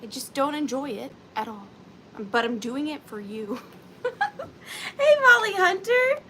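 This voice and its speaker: A woman's voice: a little high, normal speed, a little hiss or hum. A woman hosting an antique and vintage live sale, chatting casually and greeting viewers by name in a chatty, self-deprecating way.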